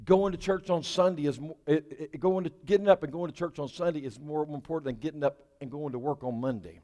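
Pastor guy preaching, chatty and folksy then getting fired up, voice a bit high, church hall echo. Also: quick pace. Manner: folksy, conversational, grows fervent and louder in prayer. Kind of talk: sermon. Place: church sanctuary.

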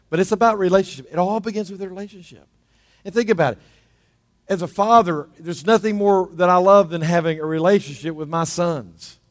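A middle-aged man, a pastor, delivering an emphatic sermon with a hoarse voice, repeating key words for stress. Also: on the high side. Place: church sanctuary. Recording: long reverb of a large hall.

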